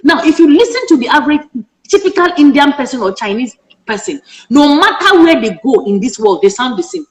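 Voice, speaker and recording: A middle-aged Nigerian woman who works as a parenting educator speaks passionately in an interview, her high-pitched voice very animated and brisk. She fires off emphatic rhetorical questions, recorded in an echoey room.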